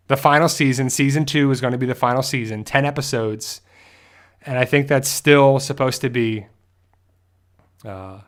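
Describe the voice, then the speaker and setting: Chatty man with a slightly high voice. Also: a bit bright. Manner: chatty, laughs often, trails off and restarts. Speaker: host of a fan discussion show. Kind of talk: casual livestream chat reading viewer comments.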